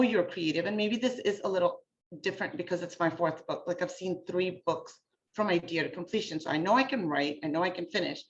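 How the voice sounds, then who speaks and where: Chatty woman author over dull audio. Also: medium pitch. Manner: chatty, peppered with fillers. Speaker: author guest. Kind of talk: casual conversation.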